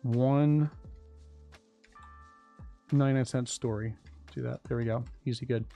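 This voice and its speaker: A man talking casually on a livestream about his crypto project, rambling, restarting sentences and getting excited. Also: medium pitch, measured pace, creaky, faint music behind. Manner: rambling, self-interrupting, excitable. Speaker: crypto project founder and streamer.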